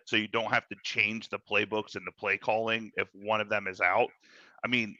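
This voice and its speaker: A man's voice: medium pitch, sharp tone, dry recording. A man co-hosting a casual live stream, laid-back and chuckling. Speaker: co-host. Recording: dull lo-fi sound.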